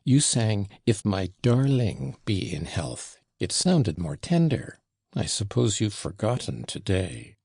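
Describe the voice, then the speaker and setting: Audiobook: man doing an admiring, coaxing young woman, gravelly husky read. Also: on the low side, very animated, slow, a little mellow, no room sound, clean studio sound, exaggerated voice. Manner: insinuating, coaxing. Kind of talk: audiobook reading.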